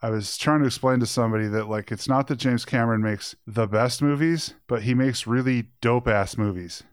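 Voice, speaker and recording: A man's voice: mid-range voice, a little fast, clear, resonant tone, no room sound, studio quality. A man co-hosting a podcast, joking wryly through a casual movie review. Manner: joking, wry, chuckling asides. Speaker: podcast co-host.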